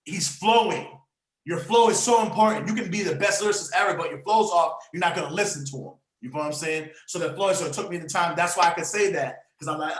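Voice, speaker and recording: An American man co-hosting a casual podcast, with a high, bright voice. He talks in an emphatic, slangy, animated way, and the room around him is noticeably echoey. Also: fairly quick. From United States. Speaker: podcast co-host.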